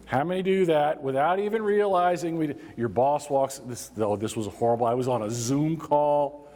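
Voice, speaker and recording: A man's voice: on the high side, moderate pace, dark tone. A man leading a workplace safety training session, talking conversationally and drawing the audience in with prompts and acted-out examples. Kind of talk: live training workshop talk. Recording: reverberant hall sound.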